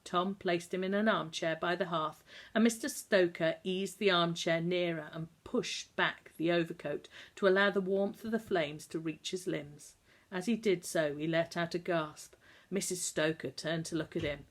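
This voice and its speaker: A woman narrating an audiobook in a calm, even storytelling manner. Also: on the low side, normal speed. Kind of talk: audiobook reading.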